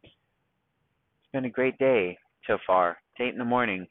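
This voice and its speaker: A man hosting a casual solo podcast, talking in a rambling, self-mocking way and deliberately slowing into a calm voice. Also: medium pitch, dry recording. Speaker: podcast host. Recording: dry, thin phone-like sound.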